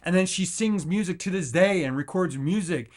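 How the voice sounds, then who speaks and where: A man's voice: sits high, moderate pace. A man hosting his own podcast, delivering a rambling motivational rant full of fillers and restarts, breaking into voices to act out what people say. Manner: energetic, rambling, acts out quotes in jumpy voices; filler-heavy, with frequent restarts. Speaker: podcast host.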